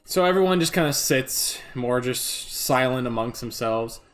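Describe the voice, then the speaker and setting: A man's voice: mid-range voice, expressive, unhurried, soft background music. A man running a tabletop game as game master, narrating loosely with lots of fillers.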